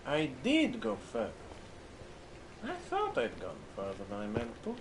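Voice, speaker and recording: A man's voice: mid-range voice, wildly swooping pitch, measured pace, noisy background. A man streaming a game, chatting casually with viewers and repeating himself as he answers chat. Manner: puts on a playful accent for fun. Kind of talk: casual chat while playing.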